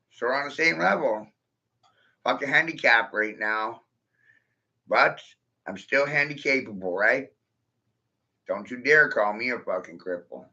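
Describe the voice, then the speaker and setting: Gravelly profane man rhyming off-the-cuff. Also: medium pitch, sharp tone. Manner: rhyming wordplay, laughs at own jokes, swears often. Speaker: vlogger. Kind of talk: rambling profane monologue. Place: in his vehicle. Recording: dull lo-fi sound.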